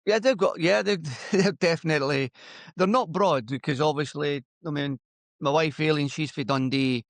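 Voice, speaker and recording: A man in his fifties with a Scottish accent softened by a Lancashire lilt, a guest telling relaxed stories in a casual interview. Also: fairly high pitch, normal speed, no echo. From Scotland. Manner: relaxed, anecdotal storytelling. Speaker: podcast guest, former footballer.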